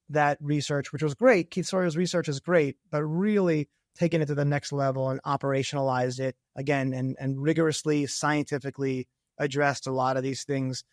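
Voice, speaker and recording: A man's voice: mid-range voice, no room sound, studio quality. A man co-hosting a podcast, talking in an enthusiastic, rambling way with many restarts as he builds up long questions. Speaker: podcast co-host, science officer. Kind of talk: conversational interview.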